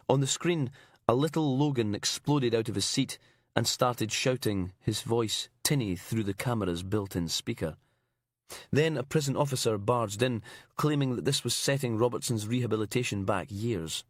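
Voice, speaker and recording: A man narrating a crime thriller audiobook in a measured, grim storytelling manner. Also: medium pitch, dry recording, studio quality. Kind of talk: scripted narration.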